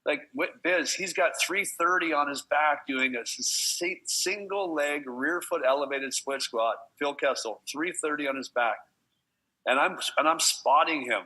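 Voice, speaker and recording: A gym trainer telling an enthusiastic, energetic anecdote. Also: male voice, fairly high pitch, unhurried, rough recording. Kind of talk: excited anecdote in a podcast talk.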